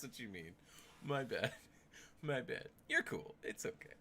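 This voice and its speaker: A man's voice: mid-range voice, wildly swooping pitch, measured pace, creaky, sharp tone, husky. A man from the United States giving casual reaction commentary, rambling and teasing and laughing often. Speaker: streamer reacting to a video.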